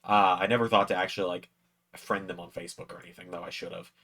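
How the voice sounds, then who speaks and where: A man chatting casually to camera, telling a personal story in an excitable way with plenty of fillers. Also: deep voice, fast. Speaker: YouTube creator.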